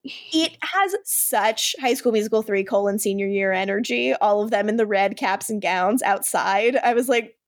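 A woman's voice: medium pitch, moderate pace, no echo, clean studio sound. A woman co-hosting a podcast, casually recapping a TV episode and animatedly acting out characters' lines. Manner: animated, quotes characters in lively voices. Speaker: podcast co-host.

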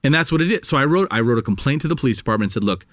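A man's voice: medium pitch, very fast, no echo, clean studio sound. A man telling a story in casual podcast chat, swearing often and getting worked up as he retells it. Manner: heated, profane, animated retelling. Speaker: podcast co-host.

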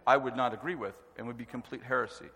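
A man preaching a sermon with animated, emphatic delivery and stresses that rise to a shout. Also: mid-range voice, fast. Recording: long hall reverb.

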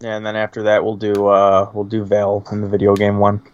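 A man co-hosting a podcast in casual chat, deadpan and blunt with some swearing. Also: fairly low pitch, a little fast, no room sound, dull audio. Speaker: podcast co-host.

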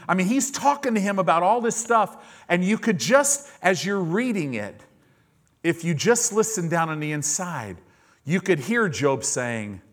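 A man preaching a sermon in a church, moving between loud, emphatic lines and hushed, low-voiced ones. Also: very animated, moderate pace. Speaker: pastor.

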